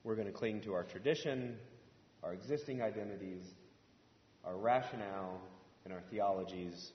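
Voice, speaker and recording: A man's voice: fairly low pitch, fairly quick. Conversational male pastor in an echoey hall. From Indiana, USA. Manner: conversational storytelling, asks the congregation questions. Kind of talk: sermon. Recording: echoey hall, dull sound.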